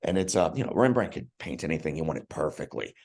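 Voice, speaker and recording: This podcast guest speaks in a slightly rough bass with a creaky, darkish tone, a sing-song lilt and a quick pace. His personal story comes out earnest and emotional, and he keeps restarting, repeating words at the start.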